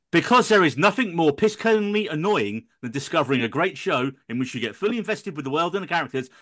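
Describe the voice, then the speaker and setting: A man's voice: fairly high pitch, a bit bright. A man hosting a podcast, bantering with co-hosts and then reading a theatrical, sweary rant as an intro. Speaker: podcast host. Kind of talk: casual podcast chat and scripted intro rant.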